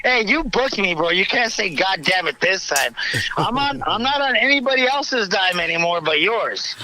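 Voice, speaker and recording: Male caller, high voice, brash and teasing. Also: big pitch swings, normal speed, rough recording. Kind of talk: casual phone-in.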